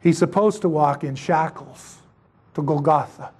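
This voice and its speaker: A man with a high voice delivers a sermon as vivid storytelling. He acts out the scenes he describes, pushing his voice up to emphatic peaks before dropping low again. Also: unhurried, darkish tone, breathy edge. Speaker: preacher.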